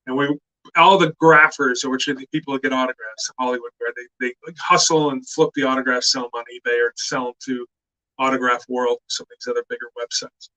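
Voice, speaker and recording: A middle-aged man telling stories in a casual chat, animated and loud when he acts out what others said. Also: mid-range voice, a little fast, rough recording. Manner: animated storyteller who shouts out quoted lines. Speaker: guest actor.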